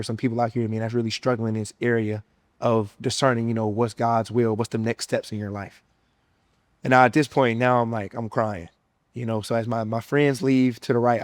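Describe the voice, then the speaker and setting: A man's voice: mid-range voice, darkish tone, no room sound. Earnest young Southern man, dry sound. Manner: earnest, emotional storytelling with casual slang. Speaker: former college football player sharing his testimony. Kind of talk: personal testimony.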